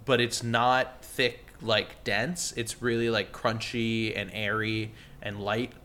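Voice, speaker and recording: A man co-hosting a casual podcast, with a bright, forceful voice. He talks in a playful, joking way, full of banter with his co-host. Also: on the low side, level tone, takes it slowly. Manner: playful, jokey, bursts into mock shouting.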